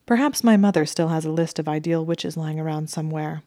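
Smug drawling young wizard man as a woman reads him, low voice, dry sound. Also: fairly quick, mellow, no echo, close to an everyday voice. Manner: drawling, bland.

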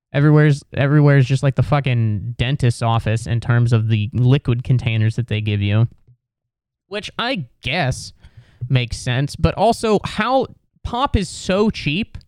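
A man's voice: a little high, smooth, dry recording, studio quality. A man telling a rambling, exasperated comedic story in a casual, profane rant.

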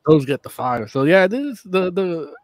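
Animated man in casual chat. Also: fairly high pitch, moderate pace, dry recording. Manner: animated, swearing, chatty with laughs. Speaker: podcast co-host.

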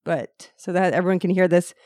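A woman co-hosts a relaxed podcast chat, her voice hoarse and full of fry as she gets over a cold. She talks loosely and laughs a lot. The sound is close and dry. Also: lowish voice, brisk, no echo. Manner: chatty, laughs often. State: hoarse from illness, vocal fry. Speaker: podcast co-host. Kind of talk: casual chat.

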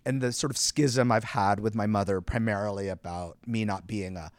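Animated Canadian man telling stories, dry sound. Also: lowish voice, moderate pace, no room sound. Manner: animated storyteller, heavy use of "like", laughs often. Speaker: podcast guest, theatremaker. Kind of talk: casual conversational interview.

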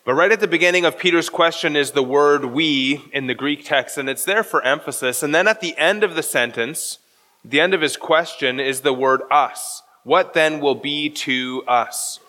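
A man's voice: fairly high pitch, moderate pace, pushed and bright, in a large hall. A man preaching a sermon as pastor, walking through a scripture passage verse by verse and explaining the original Greek.

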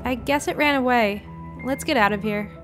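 Woman voicing an eager young girl, high. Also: moderate pace, music in the background, lightly acted. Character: excited young girl on Halloween.

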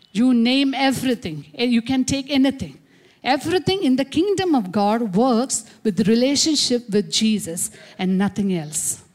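Woman pastor, slow and emphatic sermon delivery with call-and-response, slightly high voice. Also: darkish tone. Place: church service.

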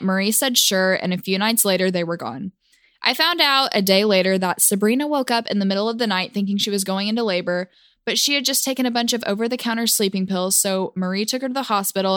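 A woman's voice: mid-range voice, no room sound. Wry woman telling a story, dry sound. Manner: wry, deadpan asides. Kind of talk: casual storytelling.

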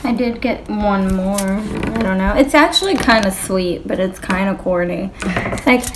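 A woman's voice: mid-range voice, a little slow, noisy background. A young woman co-hosting a casual podcast, reading messages aloud with dry, amused asides. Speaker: podcast co-host.

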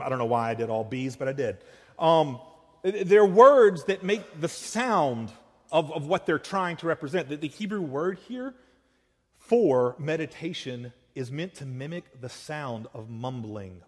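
A male pastor giving a sermon in a casual, conversational way, with lively rises to emphatic high points. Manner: animated, conversational, with rising emphatic peaks. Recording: long reverb of a large hall.

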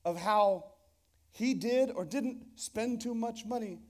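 A pastor with a high-pitched man's voice delivers a sermon in front of his congregation. He talks in a loose, conversational way, jokes with the crowd and often restarts his sentences. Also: takes it slowly, darkish tone. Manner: conversational and joking, with repeated restarts. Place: church hall before a congregation.

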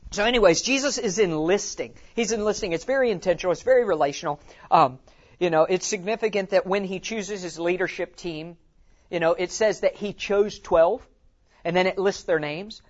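A man giving an animated teaching talk at a conference. He tells it like a story, acts out quotes and often says "you know". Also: high voice, moderate pace, lo-fi sound. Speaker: conference speaker.

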